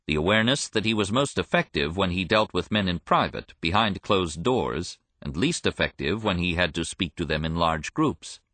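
A man reading a history book aloud in measured scripted narration, lifting his voice for quoted speech. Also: sits low, expressive, fairly bright tone, no room sound. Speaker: audiobook narrator.

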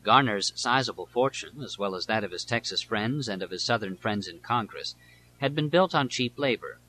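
A man reading nonfiction aloud as an audiobook narrator, in a measured, deliberate way. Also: lowish voice, expressive, pushed and bright, a little hiss or hum, low-quality recording.

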